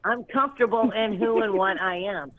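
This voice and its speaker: A female caller on a live show, speaking calmly from home over the phone. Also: mid-range voice, moderate pace, phone-quality sound. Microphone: phone line.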